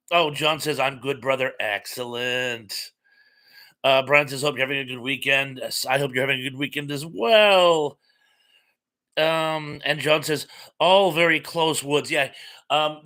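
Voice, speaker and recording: Bright-voiced man hosting a live chat. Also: a little high. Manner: friendly and rambling, with many fillers. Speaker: live stream host. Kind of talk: casual chat reading out viewer comments.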